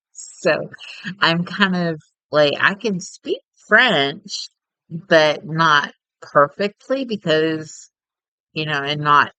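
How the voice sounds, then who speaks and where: A woman's voice: sits low, drawn-out words, bright, forceful tone, dry recording, poor audio. A middle-aged woman chatting casually while playing a game, rambling and giggling often. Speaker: gameplay streamer.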